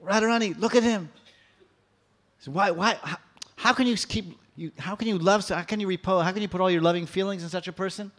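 A man's voice: mid-range voice, expressive, normal speed, close to an everyday voice. A man voicing a fiercely angry young woman who scolds her friend's lover in a heated, reproachful manner. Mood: boiling anger. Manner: heated, reproachful, repeating herself.

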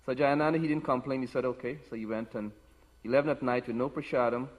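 A man giving a devotional talk, telling personal stories in an unhurried way with frequent restarts. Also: medium pitch, fairly even intonation. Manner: unhurried storytelling with many restarts. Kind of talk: sermon with personal anecdotes. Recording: long hall reverb.

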